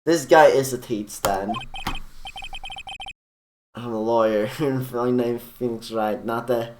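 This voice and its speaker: A man's voice: medium pitch, slow, long pauses, darkish tone, a little hiss or hum. Man reading a game aloud, distant mic. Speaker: streamer reading a visual novel aloud. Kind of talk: casual game reading with asides.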